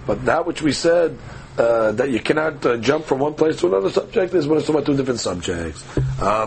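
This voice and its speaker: A man's voice: medium pitch, slight background noise. Man teaching a daily Talmud class. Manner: reads text aloud and translates phrase by phrase, hesitant fillers.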